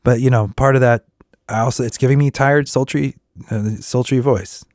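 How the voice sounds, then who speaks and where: A middle-aged man, a working musician hosting his own podcast, talking casually with a tired voice and often restarting his sentences as he rambles through vocal warm-ups. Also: mid-range voice, steady tone, moderate pace, no echo, clean studio sound. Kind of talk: casual solo reflection.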